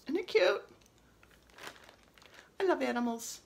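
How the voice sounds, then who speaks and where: A New woman in her fifties chats at an unhurried pace about her needlework at home. Her voice sits a little low but sounds bright and forward. She rambles and laughs easily as she goes. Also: animated, a little hiss or hum. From New Jersey. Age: 50s. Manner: chatty, rambling, laughs often. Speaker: cross-stitch vlogger. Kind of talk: casual show-and-tell chat.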